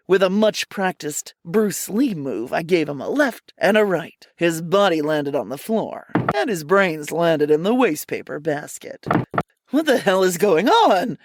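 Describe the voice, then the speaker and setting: A woman narrating a hardboiled comic mystery story in a wry, deadpan, theatrical way. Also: fairly low pitch, dry recording.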